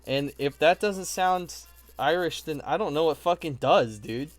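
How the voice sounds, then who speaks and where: A man's voice: fairly high pitch, animated, a little slow, no echo, soft background music. A man live streaming while building models, chatting casually in a playful, joking and often profane way.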